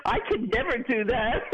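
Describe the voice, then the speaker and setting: A woman calling in to a radio show, chatting and retelling stories with laughter over a dull phone line. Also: a little high. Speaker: caller. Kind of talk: casual phone chat.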